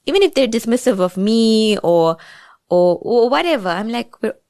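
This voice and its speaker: A woman's voice: fairly high pitch, expressive, normal speed, a little mellow, dry recording, clean studio sound. A woman with a South African accent, a guest author talking through her thoughts in a chatty, reflective way. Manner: reflective, chatty, many asides. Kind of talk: casual podcast interview.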